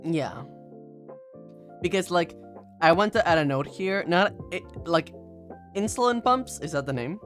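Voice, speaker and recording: Halting man chatting over music. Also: a little high, animated. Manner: halting, many fillers. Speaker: streamer. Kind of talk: casual chat. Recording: soft music behind.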